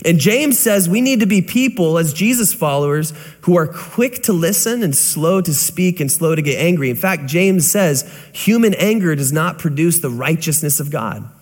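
A young male pastor preaching with a high voice and lively delivery. He tells stories and acts out voices and sounds as he goes. His sermon carries a long reverb. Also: normal speed, few pauses.

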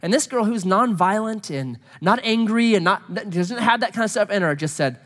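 In a sermon to a gathering, a married adult man earnestly tells a personal story at normal speed, barely pausing. He's animated, lowering his voice to a hush and then building into emphatic pleas.

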